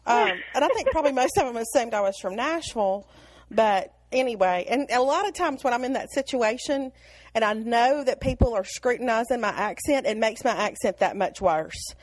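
A woman's voice: on the high side, animated, normal speed, no echo. A woman with a Southern American accent co-hosting a casual podcast over an online call, chatty and storytelling with frequent laughs. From Alabama, US South. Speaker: podcast co-host. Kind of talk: casual chat.

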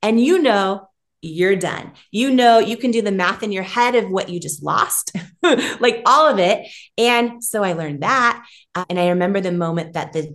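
A middle-aged woman, a guest on an interview podcast, telling an emotional personal story in a lively way and acting out other people's lines. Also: on the low side. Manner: animated, emotional storytelling with quoted voices.

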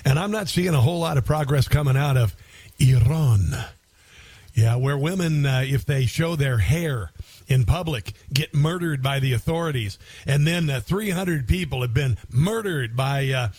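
A man's voice: medium pitch, normal speed, darkish tone, breathy edge, dry recording. A middle-aged man hosting a political talk radio show, rambling and sarcastic, with many fillers as he comments over a clip.

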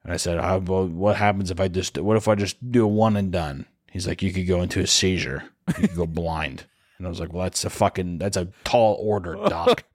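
A drunk man telling a comic podcast story in a rambling, profane way, now and then breaking into shrill screams for a bit. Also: fairly quick, darkish tone. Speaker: podcast co-host. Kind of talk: comedic storytelling.

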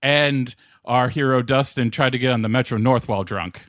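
A man co-hosting a comedy movie podcast, trading quick wisecracks. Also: mid-range voice, fairly bright tone, no echo, studio quality. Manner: quick wisecracks and running gags. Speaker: podcast co-host. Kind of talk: casual comedic movie discussion.

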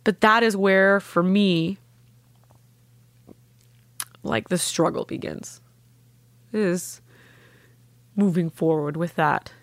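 A woman, a podcast guest, telling a deeply personal story in an earnest, heartfelt way and with strong conviction. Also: takes it slowly, pauses often, dry recording.

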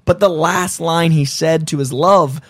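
A man with a somewhat high voice muses on a movie's themes in a relaxed podcast chat. He builds each point with care. The recording is dry and close. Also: a little slow, no echo. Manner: reflective, builds points thoughtfully. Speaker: podcast guest. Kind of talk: casual film discussion.

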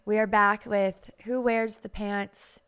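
A woman's voice: medium pitch, level tone, slow, noisy background. A woman co-hosting a podcast in casual chat, laughing often as she talks. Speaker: podcast co-host.

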